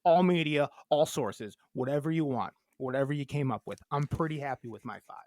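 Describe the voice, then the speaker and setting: A man's voice: on the high side, a little fast, a little mellow, dry recording, clean studio sound. A man co-hosting a casual podcast, ranting in a sarcastic, profane way while talking around fake vampire fangs with a slight lisp. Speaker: podcast co-host.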